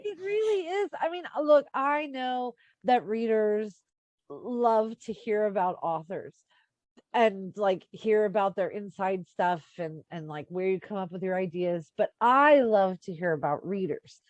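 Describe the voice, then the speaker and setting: A woman author in casual conversation, animated and quick to laugh as she gushes about readers. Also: medium pitch, no echo, dull audio. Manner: animated, laughs often, gushing. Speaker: author guest. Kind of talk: casual chat.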